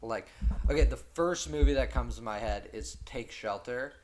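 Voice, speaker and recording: Man, film director guest, casual chat, rambling, lots of fillers, average pitch. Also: normal speed, darkish tone. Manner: rambling, heavy use of 'like'.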